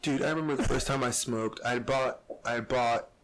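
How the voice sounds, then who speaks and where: A man's voice: medium pitch, fairly even intonation, normal speed, fairly bright tone. A man co-hosting a podcast, talking in a laid-back casual way and swearing freely. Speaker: podcast co-host. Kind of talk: casual chat.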